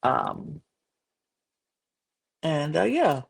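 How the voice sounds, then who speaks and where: A woman recapping a show on her podcast in loose, casual chat. Her voice has a gravelly fry. She rambles, with frequent fillers and restarts. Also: sits low, huge pitch swings, extremely slow.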